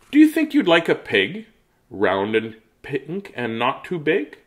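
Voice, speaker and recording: Animated jokey man reading picture books. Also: mid-range voice, moderate pace. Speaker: children's book reader.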